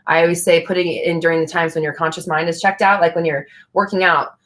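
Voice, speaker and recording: Casting note: young adult woman, lower-pitched, chatty livestream host, blunt and casual. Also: fairly even intonation, fast talker, a bit bright. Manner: chatty, frank, swears casually, laughs often. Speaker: livestream host answering viewer questions. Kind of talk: casual live Q&A chat.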